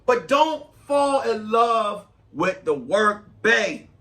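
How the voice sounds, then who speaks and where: A man's voice: sits high, very animated, slow pace, sharp tone. A man hosting a podcast as a comedian, giving profane, emphatic, rambling advice in a comic monologue.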